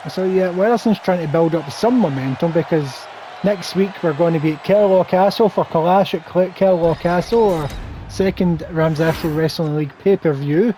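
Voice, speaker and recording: A man's voice: on the high side, normal speed, warm tone, slight background noise, poor audio. A man doing play-by-play commentary over a wrestling video game, with wry, teasing banter.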